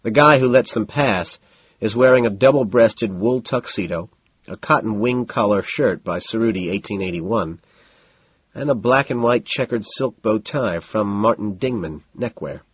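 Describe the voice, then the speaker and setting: A man's voice: fairly low pitch, moderate pace, slightly rough, no room sound, muffled recording. A man giving first-person audiobook narration in a cool, detached manner, listing details.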